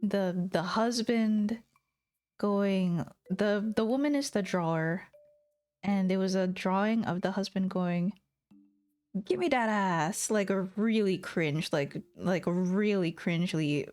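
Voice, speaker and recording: A woman's voice: medium pitch, slow pace, a little mellow, faint music behind. A young woman VTuber chatting casually on stream, rambling, swearing and giggling in exasperation.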